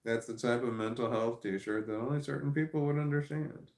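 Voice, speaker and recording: A man's voice: medium pitch, fairly quick, a little mellow, reverberant. A man hosting a casual livestream, reading viewer comments aloud and rambling about them with frequent laughs. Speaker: livestream host reading chat.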